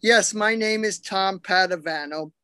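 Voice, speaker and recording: A man from New York doing deadpan, self-mocking stand-up one-liners over a video call. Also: high voice, unhurried, smooth, no room sound. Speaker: comedian.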